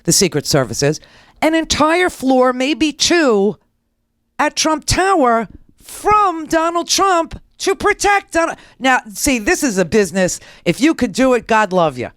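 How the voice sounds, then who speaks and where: A woman's voice: high voice, big pitch swings, a little slow, a bit bright, no echo, studio quality. A middle-aged woman hosting a political talk radio show, ranting in a blunt, sarcastic and crude way.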